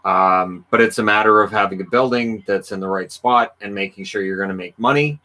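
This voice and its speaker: A man's voice: lowish voice, fairly quick, pushed and bright. A middle-aged man hosting a casual livestream, talking in an easygoing, rambling way with frequent ums while playing a hockey video game. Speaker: livestream host.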